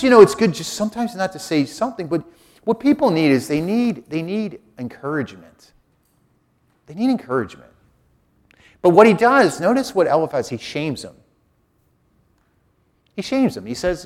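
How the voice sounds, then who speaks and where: A middle-aged man gives a homily as a Catholic priest. He talks in a relaxed, conversational way, and his voice sits a little high and rises and falls a lot as he acts out what people say. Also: normal speed, long pauses. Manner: conversational, animated preaching with acted-out quotes. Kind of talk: sermon.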